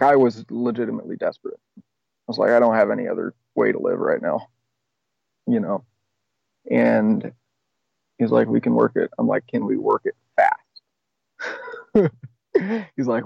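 Guesting on a podcast, a man recounts his recovery openly and casually, wandering through it with curses and self-mocking laughter. His voice is gravelly at medium pitch, recorded in dry, slightly dull podcast sound.

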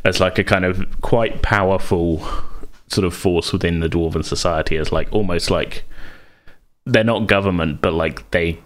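A man's voice: low voice, moderate pace. A man co-hosting a podcast and running its tabletop game, chatting casually with many restarts. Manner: hesitant, many restarts and fillers. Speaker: podcast co-host and game master. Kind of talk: casual chat about worldbuilding for a tabletop game.

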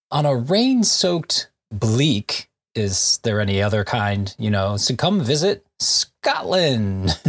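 A man's voice: fairly low pitch, breathy edge. A man co-hosting a comic book podcast, recapping issues in a casual, jokey way with frequent laughs and asides. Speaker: podcast co-host.

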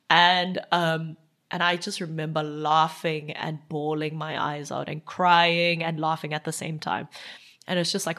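A woman co-hosting a casual podcast, telling stories in an animated way with frequent laughter. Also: lowish voice, moderate pace. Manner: animated storyteller, laughs often. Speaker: podcast co-host. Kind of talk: casual chat.

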